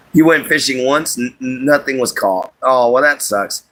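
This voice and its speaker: A man's voice: mid-range voice, bright, forceful tone. A man hosting a casual livestream, rambling in a folksy way, laughing often as he reads and answers viewer chat.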